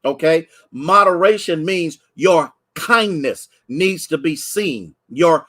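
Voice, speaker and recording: A man's voice: a little high, expressive, slow, bright, forceful tone. A man preaching a sermon, repeating phrases for emphasis and calling out viewers by name. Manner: preachy call-and-response, greets online viewers by name. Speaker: pastor. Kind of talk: livestreamed sermon teaching.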